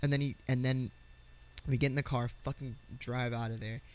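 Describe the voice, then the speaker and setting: A man telling a personal story to camera in a casual vlog, halting, with many fillers, restarts and swear words. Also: medium pitch. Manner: swearing, excitable. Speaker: vlogger.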